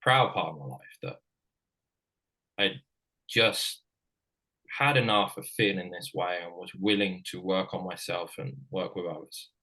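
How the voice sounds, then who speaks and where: A middle-aged man from Britain, a former hockey player and coach, telling a personal story frankly in halting, restarting sentences. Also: low-pitched, sharp tone, rough recording.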